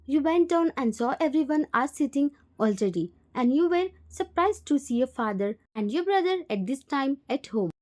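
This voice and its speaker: A woman narrating a fan fiction story in the second person, in a plain, steady voiceover. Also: high-pitched, normal speed, hardly any pauses.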